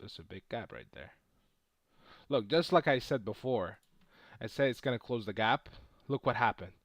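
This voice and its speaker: Man, casual livestream chat, boastful, cursing, lively pitch, dry sound. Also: no room sound. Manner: brash and boastful, swears freely. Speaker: livestream host trading stocks. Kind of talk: casual live-stream chat.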